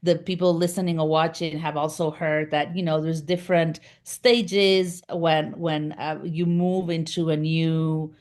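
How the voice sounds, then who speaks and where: A woman's voice: low-pitched, little pitch movement, unhurried, hardly any pauses, a little mellow. A middle-aged woman from Argentina with an Argentine accent, a guest telling her story in a casual interview, rambling with many fillers and restarts. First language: Spanish. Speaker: guest, communications business founder.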